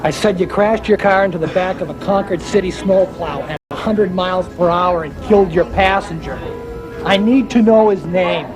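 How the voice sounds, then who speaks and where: A man's voice: high-pitched, moderate pace, over music, voice pushed up, lightly acted, low-quality recording. A man voicing a stern, blunt male state trooper who speaks in a formal, insistent way.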